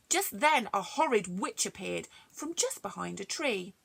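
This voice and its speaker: Lively sing-song woman reading stories. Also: medium pitch, unhurried, gravelly, few pauses, slightly rough. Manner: expressive, sing-song, chatty asides. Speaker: librarian reading aloud. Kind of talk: children's story reading. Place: library.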